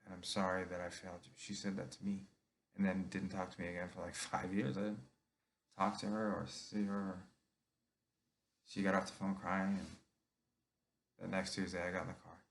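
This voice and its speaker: A middle-aged man with a very low, gravelly voice tells his own story. He speaks candidly and confessionally, acting out the people he quotes in his own voice. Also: little pitch movement, normal speed, pauses often. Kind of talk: personal storytelling monologue.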